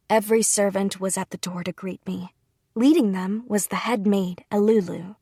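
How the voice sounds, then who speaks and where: A woman reading a light novel aloud in first person, calm and even. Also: mid-range voice, unhurried, husky, no room sound, studio quality. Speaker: audiobook reader.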